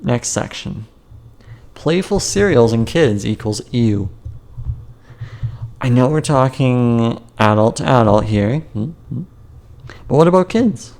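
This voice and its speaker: A man's voice: medium pitch, creaky, a little mellow. A man narrating his own memoir as an audiobook, casual and joking, with wry asides.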